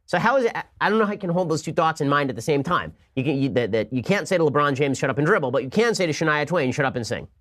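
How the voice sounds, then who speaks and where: A man delivering political commentary at a breakneck clip, his voice sitting a bit higher than most men's. He argues with sarcasm and fires off point after point as a show host. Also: lively intonation, fairly bright tone. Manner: sarcastic, rapid-fire argument. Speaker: podcast host.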